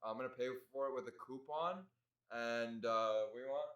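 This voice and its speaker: A man co-hosting a podcast, telling a story in casual, animated chat full of swearing. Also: mid-range voice, moderate pace, echoey room, highs cut off. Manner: animated, swearing, tells stories. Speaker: podcast co-host.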